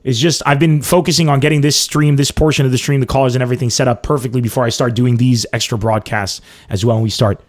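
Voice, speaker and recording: A man hosting a casual live-streamed comedy podcast, chatting excitably, laughing often and reading viewer comments aloud. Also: mid-range voice, quick pace, few pauses, slight background noise. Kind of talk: casual livestream chat with callers and chat.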